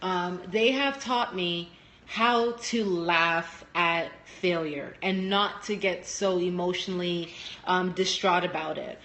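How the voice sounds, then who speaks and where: A young woman who works as a teacher, talking casually on a phone live stream at home, telling lively stories and acting out what people said. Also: takes it slowly. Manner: animated storytelling, acting out quotes with big pitch jumps.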